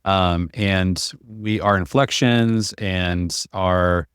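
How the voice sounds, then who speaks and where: A man from Seattle with a very deep voice talks haltingly, restarting his phrases as he thinks aloud. The sound is close and dry. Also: steady tone, fairly bright tone, clear, resonant tone, dry recording. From Seattle, USA. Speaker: podcast host. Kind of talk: casual conversation.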